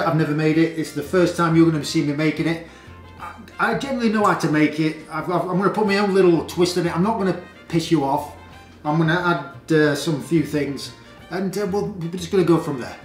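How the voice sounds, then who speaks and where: A man's voice: a little high, a little fast. A man with a Yorkshire accent hosting a cooking video in his home kitchen, upbeat and chatty as he talks through each step. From Yorkshire, England. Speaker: chef and cooking show host. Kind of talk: casual cooking video narration. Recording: echoey kitchen with faint music. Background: faint background music.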